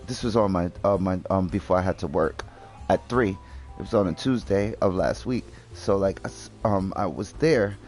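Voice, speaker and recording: A man's voice: low-pitched, moderate pace, darkish tone, faint music behind. A young man chatting casually while gaming, rambling with lots of fillers and swearing freely. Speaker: gaming video host.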